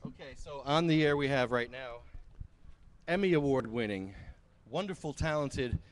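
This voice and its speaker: Lively excitable man hosting a podcast. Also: normal speed. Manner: excitable, scolding banter with big pitch swings. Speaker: podcast host. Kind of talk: casual chat.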